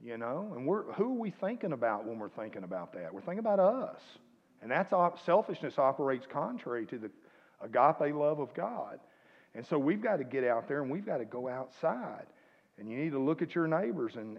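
Man preaching, loud then hushed, muffled sound, long hall reverb. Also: a little high, big pitch swings, normal speed, gravelly. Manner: swings between loud exhortation and quiet asides. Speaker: pastor. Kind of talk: sermon.

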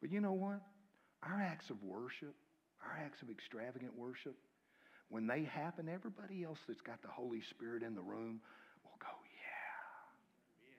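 A man preaching a sermon, swinging from loud, urgent calls to quiet near-whispers and calling on the congregation to repeat his lines. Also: medium pitch, very animated, fairly quick, slightly rough, dull audio. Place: church sanctuary. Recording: long reverb of a large hall.

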